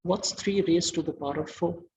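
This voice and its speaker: A man's voice: a little high, fairly even intonation, normal speed, slight background noise, poor audio. A man giving an online masterclass lecture, quizzing his audience and praising their answers.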